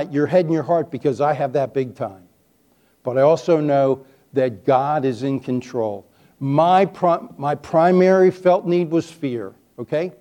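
A man's voice: a little high, warm tone. A middle-aged man giving a folksy sermon, telling stories and joking with his listeners. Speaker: preacher teaching on testimony.

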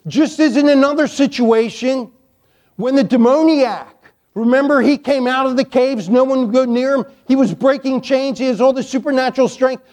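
A man's voice: very high-pitched, normal speed, a little mellow. A male pastor preaching a sermon, emphatic, repeating key lines and dropping playful asides to the congregation.

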